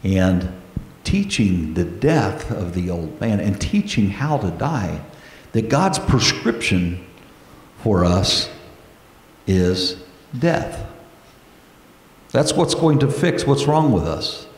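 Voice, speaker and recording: Male pastor, low voice, slow deliberate sermon delivery, reverberant sanctuary sound. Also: sing-song. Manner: earnest, slow preaching with prayerful pauses. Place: church sanctuary. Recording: echoey church hall.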